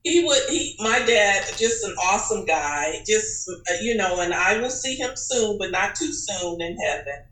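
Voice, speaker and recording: A woman guest tells personal stories in an animated, chatty way. Her voice is bright and clear, and it rings around an echoey room. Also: mid-range voice, unhurried, hardly any pauses. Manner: animated and chatty, with many fillers and restarts. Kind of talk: casual personal storytelling.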